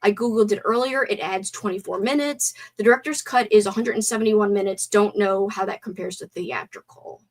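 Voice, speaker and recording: A young woman hosting a casual live stream movie talk, animated, swearing and gasping as she reads out chat comments. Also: mid-range voice, brisk, hardly any pauses.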